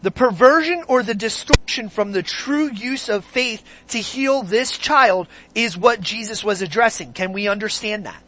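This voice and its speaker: A preacher giving a verse-by-verse Bible teaching, emphatic, slowing on key words and asking many rhetorical questions. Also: medium pitch, fairly bright tone, slight background noise.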